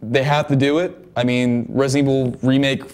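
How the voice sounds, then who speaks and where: Male podcast co-host, casual gaming chat, rambling, repeats himself, mid-pitched voice. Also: flat delivery, a little fast, a little mellow, clear, resonant tone. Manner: rambling, repeats words, enthusiastic about games.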